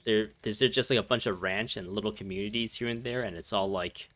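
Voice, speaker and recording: A man's voice: lowish voice, fairly quick, a bit bright. A man giving casual let's play commentary, rambling and easily distracted, laughing often as he plays. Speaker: gameplay commentator.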